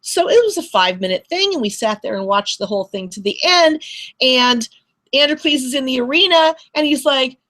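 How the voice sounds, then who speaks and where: A woman's voice: high voice, fairly quick. A woman teacher hosting a video call chat, telling a story and acting out the voices in it. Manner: animated storyteller, acts out voices. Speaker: teacher and show host.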